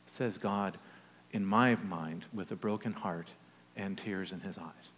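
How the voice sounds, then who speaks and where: A pastor telling stories in a reverberant church. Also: male voice, low-pitched, a little slow. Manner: conversational, animated storytelling with asides. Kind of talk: sermon storytelling.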